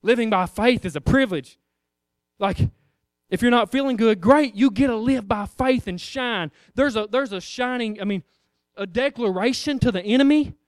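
A man's voice: very high voice, moderate pace, no room sound, studio quality. A man preaching a sermon, emphatic and repetitive, acting out little voices as he goes.

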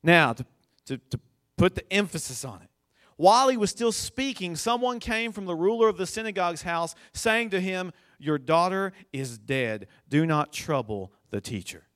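A man preaching a sermon, slow and deliberate, building to emphatic high points as he retells a scripture story. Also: animated, a bit bright, dry recording, studio quality.

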